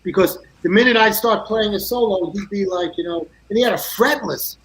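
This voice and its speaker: An older man with a notably high speaking voice tells his stories with energy. He slips into other people's voices as he goes. It's a casual interview chat over a video call. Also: fairly quick, low-quality recording. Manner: animated anecdotes full of quoted voices. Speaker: guest guitarist.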